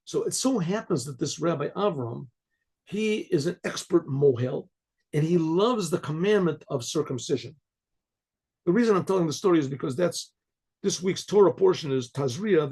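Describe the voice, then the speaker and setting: A man, a rabbi, telling a story with frequent throat clearing and repeated words. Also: fairly high pitch, darkish tone.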